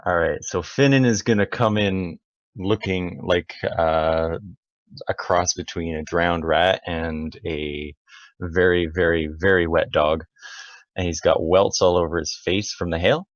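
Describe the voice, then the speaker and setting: Low-voiced man, player at tabletop session, halting delivery; dry, dull sound. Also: fairly even intonation, no echo. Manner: halting, with many fillers. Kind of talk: in-character description at a tabletop game.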